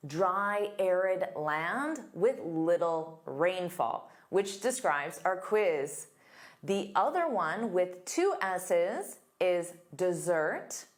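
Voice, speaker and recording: A woman teaching an English lesson, speaking slowly with careful, deliberate enunciation. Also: mid-range voice. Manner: slow, deliberate, clear enunciation.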